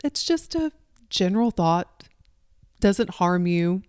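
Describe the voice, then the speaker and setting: A woman's voice: lowish voice, big pitch swings, slow, darkish tone, clean tone, no echo, studio quality. A middle-aged woman from the Southern United States with a country Southern accent, hosting a solo podcast in an earnest, conversational way. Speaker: podcast host, life coach.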